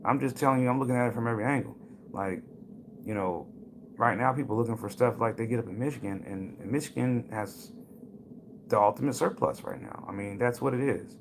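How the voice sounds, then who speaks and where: A man's voice: mid-range voice, fairly quick, background noise. A man hosting a casual cannabis livestream. He tells stories and greets viewers by name in a chatty way. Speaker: livestream host. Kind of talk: casual live-stream talk.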